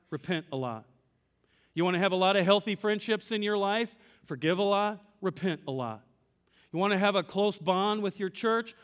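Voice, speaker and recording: A man's voice: fairly high pitch, long reverb tail. A man preaching a sermon as pastor, telling a personal story, acting out dialogue with God and asking the congregation questions. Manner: asks the congregation direct questions.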